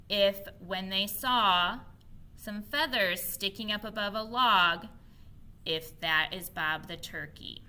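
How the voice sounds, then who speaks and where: Using her own camera, a female teacher models how to teach reading to young children. She speaks in a mid-range voice, expressive and patient, slowly repeating what matters most.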